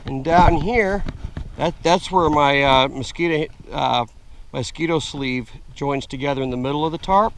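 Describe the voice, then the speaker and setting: Outdoor gear vlogger, male, slightly rough voice, slow plain how-to delivery. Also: a little high, noisy background. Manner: slow, plain step-by-step explaining with fillers. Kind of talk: casual how-to demonstration. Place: outdoors in woods.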